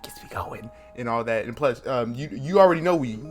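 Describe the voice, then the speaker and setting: Excitable male gamer reading aloud. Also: medium pitch, a little fast, faint music behind. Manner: excitable, laughing asides. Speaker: gaming YouTuber. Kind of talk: reading a dating game aloud with commentary.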